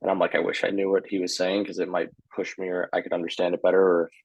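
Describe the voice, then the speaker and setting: A man's voice: deep voice, fast, gravelly, highs cut off. A young man in his twenties, a guest on a podcast, speaking casually and a little hesitantly. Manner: relaxed, hesitant with fillers, chuckling. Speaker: guest, hockey player. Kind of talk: casual interview chat.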